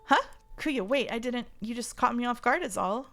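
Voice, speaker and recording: Woman voicing a cheerful young heroine, teasing, bubbly, a bit gravelly, visual novel. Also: on the high side, lively intonation, moderate pace, a bit bright, faint music behind, pitched above the performer's own voice. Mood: flustered.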